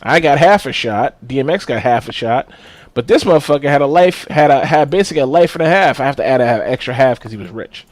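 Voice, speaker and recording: A man's voice: medium pitch, lively intonation, fast talker. A man co-hosting a podcast in casual chat, blunt and profane, laughing often. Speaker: podcast co-host.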